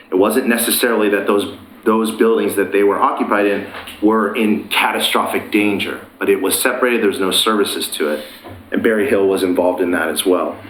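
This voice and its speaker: A man's voice: on the low side, fairly bright tone, roomy sound, a little hiss or hum, poor audio. A man presenting his plans for a property at a city meeting, earnest and persuasive with some hesitations. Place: council chamber.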